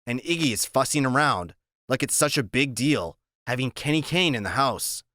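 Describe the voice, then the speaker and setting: A man reading a first-person story aloud as an audiobook narrator, steady and plain. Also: medium pitch, moderate pace, dry recording, clean studio sound.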